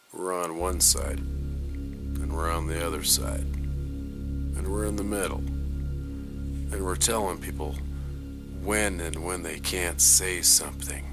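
A man delivering a profane, ranting monologue in a low voice. He talks slowly, dropping to hushed whispers and then bursting into shouts. Faint music plays softly underneath. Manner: heavy swearing. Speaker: video creator.

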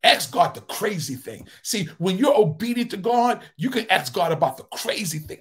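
An older man, a bishop, preaching a fervent sermon that moves from quiet storytelling to loud cries. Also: a little high, lively intonation, a little fast, hardly any pauses. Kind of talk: livestreamed sermon.

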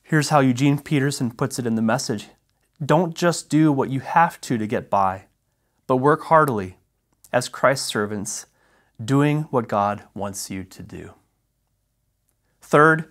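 Preacher, male, mid-range voice; measured, emphatic sermon delivery, slowing on key phrases. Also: medium pitch, a bit bright. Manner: emphatic, deliberate teaching with slowed key phrases. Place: church.

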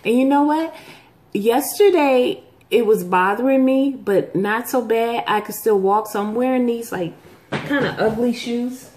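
A middle-aged woman with a somewhat high voice chats casually with her viewers. She tells her stories in a lively way and jumps well up in pitch whenever she acts out the people she quotes. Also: measured pace. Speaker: vlog host.

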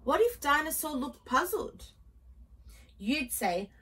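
A woman reading a children's picture book aloud, in a gentle, expressive storytelling manner. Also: on the high side, unhurried, distant mic, poor audio.

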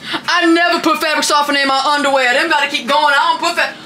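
A young woman with a drawl chatting casually at home for her vlog, lively and teasing, often calling people baby. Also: sits high, fast, a crowd in the background. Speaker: vlogger. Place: home kitchen.

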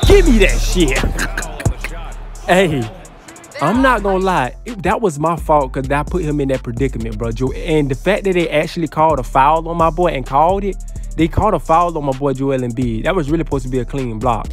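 A young man commentates his own basketball game with brash, excitable trash talk, his slightly raised voice breaking out into sudden yells. Faint game music plays underneath him. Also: a little high, fairly quick. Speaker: gaming YouTuber. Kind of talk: casual gameplay commentary.

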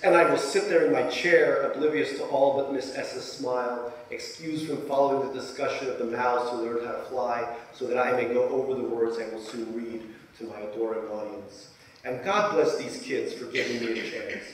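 A Soviet-born man reads his memoir aloud in a middle-pitched voice, with a dry, self-deprecating wit. He is picked up from a distance, deep in a very echoey hall, over a faint murmur of the room. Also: steady tone, normal speed, a little hiss or hum. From Soviet Union. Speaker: author. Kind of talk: reading a memoir aloud to a live audience. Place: large lecture hall.

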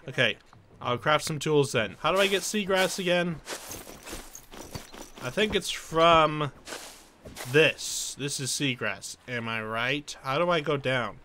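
Young male gameplay streamer, bright and a bit high in pitch, casual and excitable play-by-play commentary. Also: slow, pauses often, slight background noise. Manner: excitable, chatty, yelps and laughs at the game.

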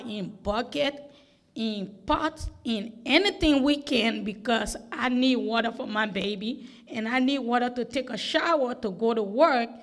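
A woman who grew up in the United States, a single mother giving earnest, pleading public comment at a hearing. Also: fairly high pitch.

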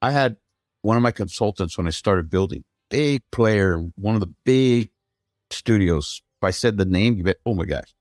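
A middle-aged man from the United States gives an interview, his voice a touch low and sounding close and dry. He speaks with earnest emphasis and often trips back to restart his sentences. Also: normal speed, dry recording. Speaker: guest, streaming platform founder. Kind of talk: conversational interview.

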